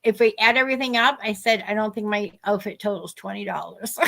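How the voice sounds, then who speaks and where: A woman co-hosting a casual talk show, telling animated stories and acting out what other people said. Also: mid-range voice, unhurried, creaky. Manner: animated storyteller, acts out other people's lines. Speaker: podcast co-host. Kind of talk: casual chat, storytelling.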